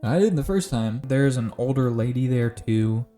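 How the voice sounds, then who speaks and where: A man recaps a movie in a loose, chatty way and keeps slipping in dry, sarcastic jabs. His voice sits at an ordinary middle pitch. Soft music plays underneath. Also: animated, normal speed. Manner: wry, sarcastic asides. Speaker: movie reviewer. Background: faint music.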